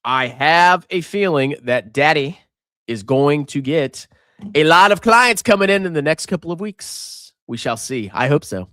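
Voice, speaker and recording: A man in his thirties hosts a casual finance livestream with a bright, forceful edge to his voice. His pitch swings widely as he reacts to prices with jokey exclamations. The sound is dry and close to the mic. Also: measured pace, dry recording. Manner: animated, jokey, reacts loudly to price moves.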